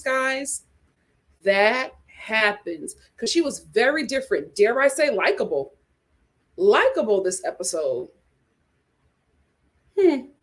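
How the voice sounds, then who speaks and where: A woman hosting a reality TV recap, talking in a lively, gossipy way with sudden exclamations and laughter. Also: high voice. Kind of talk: casual recap chat.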